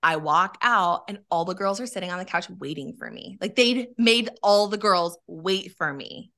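A woman telling a long personal story in a casual chat, candid and animated, swearing freely. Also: fairly low pitch, moderate pace, vocal fry.

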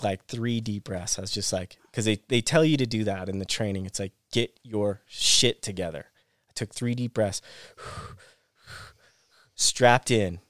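A middle-aged man speaks at an ordinary pitch with a smooth, clear tone, recorded close and dry with no room sound. He tells his story as a podcast guest, circling back and repeating himself as the details pour out. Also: no echo. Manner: animated retelling full of restarts and repeated phrases. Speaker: podcast guest, former pro snowboarder. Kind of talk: casual storytelling interview.

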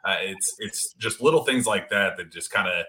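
A man hosting a sports talk podcast, informal and eager. His voice sits low but has a bright, forceful edge. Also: a little hiss or hum. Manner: quick, enthusiastic, informal. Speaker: podcast host.

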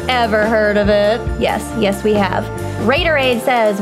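A woman's voice: medium pitch, a little slow. A woman, co-hosting a podcast in upbeat casual chat and exclaiming often. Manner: upbeat, reads announcements, exclaims. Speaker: podcast co-host. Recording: music bed behind the announcement.

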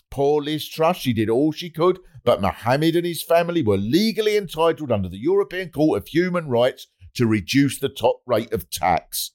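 A middle-aged man hosting his podcast, delivering a sarcastic satirical comedy monologue. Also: medium pitch. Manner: sarcastic, animated. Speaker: podcast host.

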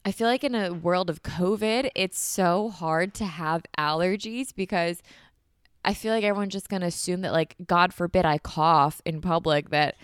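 A woman's voice: lowish voice, smooth, no room sound, clean studio sound. Bubbly young woman podcaster. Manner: bubbly, gushing, heavy use of "like". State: slightly congested from allergies. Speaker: podcast host. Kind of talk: casual solo podcast chat.

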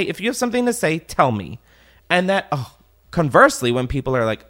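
Animated, swearing male podcast host. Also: medium pitch, a little fast. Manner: animated, exasperated ranting with frequent swearing. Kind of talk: casual podcast rant.

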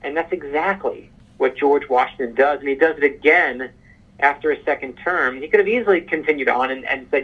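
Author guest: talkative man, fairly high and gravelly, heard on a dull, lo-fi line. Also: normal speed. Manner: animated storyteller. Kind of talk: interview conversation. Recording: muffled phone-line sound.

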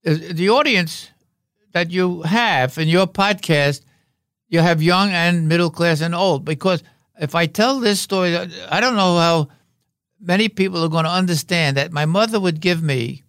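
A man's voice: sits high, normal speed, a bit bright, smooth, no room sound, studio quality. An older man, a veteran actor as interview guest, telling wry, rambling stories. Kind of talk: anecdotal interview talk.

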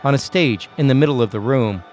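A man's voice: mid-range voice, fairly quick. Man narrating true crime over music. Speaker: podcast host and narrator.

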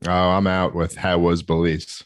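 Brief: male co-host, lowish voice, deadpan sarcasm, dry studio. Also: a little slow, no room sound. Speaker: podcast co-host. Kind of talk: casual chat, sarcastic asides. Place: podcast studio.

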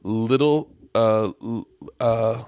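A man's voice: mid-range voice, drawn-out words, a little mellow, dry recording, clean studio sound. A man hosting a podcast, chatting casually and telling profane, rambling stories, slipping into silly voices. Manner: loose, profane storytelling with put-on voices. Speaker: podcast host. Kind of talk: casual chat.

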